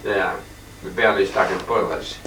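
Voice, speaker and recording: An older man talks his halting, wandering way through his paintings, often clearing his throat. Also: low voice, fairly even intonation. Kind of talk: rambling casual reminiscence. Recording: echoey room, distant mic, faint hiss.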